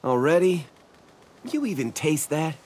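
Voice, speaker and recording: A man voicing a teasing, cocky teenage boy who cooks in a video game, with a lively voice. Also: a little high, measured pace, a little hiss or hum. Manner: teasing, playful.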